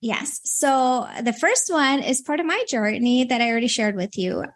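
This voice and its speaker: A woman with a Minnesota accent talks as a guest on a podcast. Her voice sits a little high, and her speech rambles, full of "like" and "you know" as she works through her thoughts. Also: animated, moderate pace. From Latvia. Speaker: stress coach guest. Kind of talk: podcast interview.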